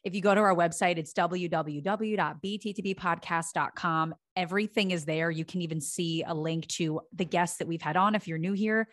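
A woman's voice: fairly low pitch, fairly quick, hardly any pauses, no echo, clean studio sound. A woman co-hosting a podcast, chatting casually and laughing often. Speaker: podcast co-host.

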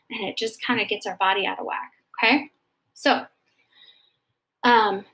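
A woman counselor explaining anxiety gently, often checking in with "okay?", then reading scripture. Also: on the high side. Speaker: Christian counselor teaching about anxiety. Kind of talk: faith-based teaching talk.

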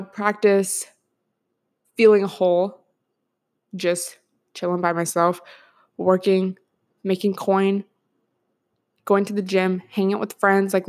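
A young woman in her twenties hosting a solo podcast, talking casually and rambling with lots of filler words and frequent laughs. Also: mid-range voice. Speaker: podcast host.

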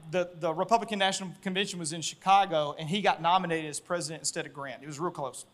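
High-voiced pastor preaching. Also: male voice. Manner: storytelling, gets loud and excited, laughs along. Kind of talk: sermon.

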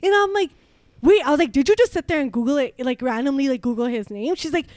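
Young woman, high voice, dry close sound, chatty storyteller who swears and laughs. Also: animated, quick pace, darkish tone, no room sound. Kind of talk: casual chat.

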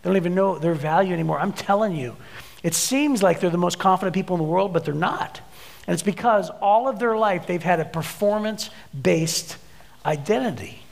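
High, gravelly preacher in a reverberant hall. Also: male voice, a little fast. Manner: storytelling, acts out voices in anecdotes. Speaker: pastor. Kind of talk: sermon.

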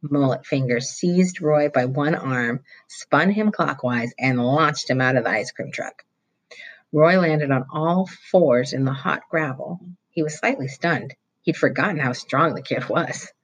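A teacher reading a novel chapter aloud to a class in a steady storytelling manner. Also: medium pitch, unhurried, low-quality recording.

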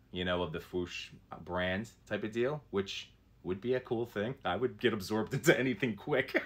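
A man's voice: on the low side, bright, forceful tone. A man doing a casual live stream, showing action figures up close and chatting with viewers in a rambling way, with lots of fillers. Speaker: toy collector streamer.

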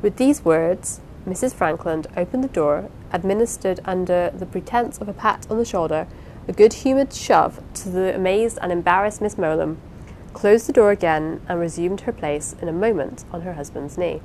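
A woman narrating a classic novel as an audiobook, in a steady, even storytelling manner. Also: on the low side, normal speed, slight background noise, rough recording. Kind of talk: scripted narration.

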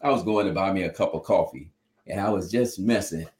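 A low-pitched, darkish male voice speaks briskly, offering heartfelt testimony in an interview. The delivery is preacher-like and earnest, sprinkled with "you know," and the room echoes.

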